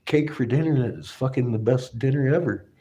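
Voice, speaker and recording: A man's voice: mid-range voice, warm tone. A man chatting casually on a livestream from his glassblowing workshop. He laughs often, swears freely and rambles through stories.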